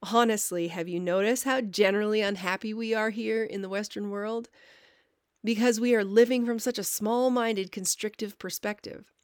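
A woman, a longtime student, calmly reading a scripted introduction for a spiritual podcast. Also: medium pitch, normal speed, dry recording, studio quality. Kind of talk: scripted narration.

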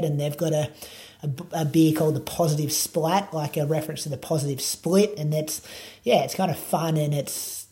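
An Australian man who produces a running podcast and works as a coach chats casually in an interview. His voice is fairly high and mellow, and he's laid-back and rambling, with plenty of fillers.

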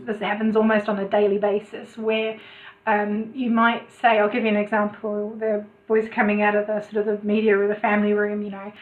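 A woman talking as a podcast guest in a chatty way, restarting her sentences often. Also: medium pitch. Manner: chatty, many restarts, animated asides. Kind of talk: casual interview chat. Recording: tinny phone-like remote call.

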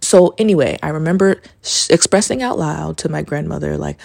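A woman's voice: on the low side, animated, normal speed, vocal fry, hardly any pauses, no echo. A woman hosting a casual solo podcast, telling a story in a rambling way. She fills her talk with "like" and swears casually. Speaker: podcast host.

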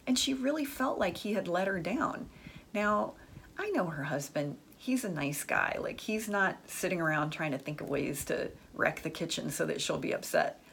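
A woman gives frank, chatty relationship advice in a monologue full of stories about her friends, often saying "like" and "the truth is." Her voice is fairly low, animated and creaky with a fairly bright tone at normal speed, and a little hiss or hum is audible.

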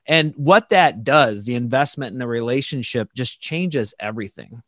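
A man's voice: mid-range voice, animated, moderate pace, dry recording. A man hosting a podcast interview, talking in a conversational, reflective way with frequent restarts. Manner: conversational, warmly reflective, repeats words. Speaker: podcast host.

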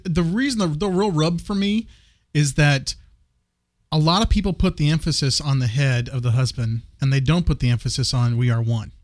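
A man's voice: fairly high pitch, normal speed, no echo, studio quality. A man co-hosting a casual Christian discussion podcast, earnest, often repeating words as he searches for what to say. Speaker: podcast co-host.

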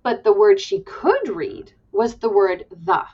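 A woman's voice: mid-range voice, slow, breathy edge. A woman guest, an early-childhood educator, talking casually and animatedly about classroom stories. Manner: animated, acts out quotes while telling classroom stories. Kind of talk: casual conversation. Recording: dull lo-fi remote audio.

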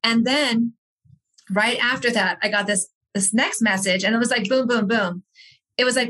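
A woman's voice: a little high, steady tone, normal speed, sharp tone, rough recording. Earnest woman sharing her story. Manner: earnest, reflective, with frequent restarts. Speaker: author and coach, podcast guest. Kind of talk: candid personal conversation.

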